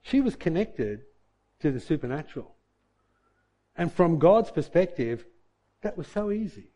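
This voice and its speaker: Man preaching a sermon, mellow voice. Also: very animated, unhurried. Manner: storytelling, acts out his own inner grumbling in a low mutter. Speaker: pastor. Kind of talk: sermon with a personal story.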